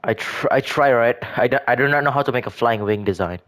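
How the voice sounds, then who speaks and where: A man's voice: mid-range voice, quick pace, fairly bright tone. Rambling man showing off his game builds. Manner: rambling, hesitant, frequent restarts and self-corrections. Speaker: gaming video creator. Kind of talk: casual gameplay commentary.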